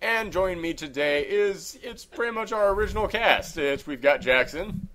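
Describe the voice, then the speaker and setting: A male podcast host who talks casually in a rambling, joking way and keeps saying "anywho". His voice sits a bit high and swings widely in pitch. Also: animated, moderate pace, fairly bright tone. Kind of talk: casual chat.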